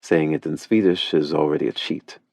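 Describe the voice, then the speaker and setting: A man voicing a tired, tender young male hockey star, speaking softly and intimately for an audiobook. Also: a bass voice, steady tone, normal speed, gravelly, no room sound, clean studio sound, full character voice. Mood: teasing low.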